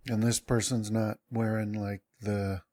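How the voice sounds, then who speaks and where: A man's voice: on the low side, little pitch movement, a little slow, darkish tone, dry recording, clean studio sound. A man playing a tabletop game, giving brief, easygoing replies. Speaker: player.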